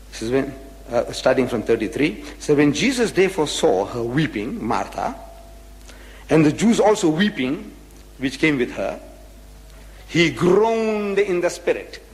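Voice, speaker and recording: A man giving a religious lecture who reads scripture aloud and explains it, swinging from loud to hushed and repeating key phrases for emphasis. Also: unhurried, long pauses, big-room sound, low-quality recording. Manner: animated, swinging widely in pitch and loudness, dropping to a hush for emphasis; repeats key phrases to drive a point home.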